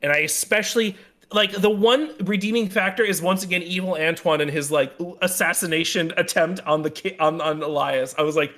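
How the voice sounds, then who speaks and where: A high-pitched man rants through a casual podcast chat about comics. He swears freely and his delivery lurches between fast bursts and slow, stressed words. His voice jumps up sharply when he gets worked up. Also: steady tone. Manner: heated ranting, swears, swings in loudness and speed. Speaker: podcast co-host.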